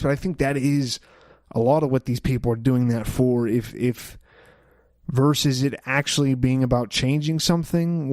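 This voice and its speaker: A man's voice: mid-range voice, darkish tone, no echo. Rambling man, dry close mic. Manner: rambling, full of fillers and restarts. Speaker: podcast host. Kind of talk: casual solo podcast monologue.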